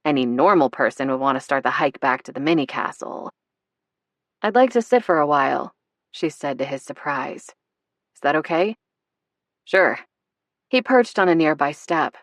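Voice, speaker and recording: Woman audiobook narrator, low voice, dry close sound, expressive, measured. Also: no echo. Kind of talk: scripted narration.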